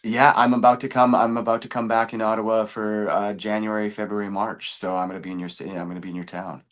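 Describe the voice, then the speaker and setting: A man's voice: fairly low pitch, little pitch movement, quick pace, fairly bright tone. A man from Canada, a film director being interviewed, talking in an easygoing, friendly way and laughing readily. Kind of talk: casual interview chat.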